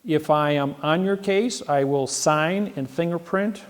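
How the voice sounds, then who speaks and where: A man's voice: fairly high pitch, a little slow. A man speaking at a seminar, telling boastful stories in a rambling way, often repeating his words. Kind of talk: seminar talk, storytelling to an audience. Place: seminar room.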